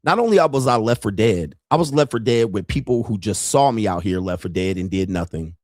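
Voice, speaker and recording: A man's voice: fairly low pitch, lively intonation, fairly quick, darkish tone, no echo, clean studio sound. A man hosting a podcast, ranting in a heated, profane, preachy way and repeating lines for emphasis. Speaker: podcast host. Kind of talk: ranting monologue.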